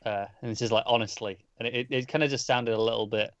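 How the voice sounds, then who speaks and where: A man in a casual comics podcast chat, measured and a little hesitant. His voice sits in a middle register. The recording is dry and slightly lo-fi, with a dull top end. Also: mid-range voice, steady tone, no echo. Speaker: podcast co-host.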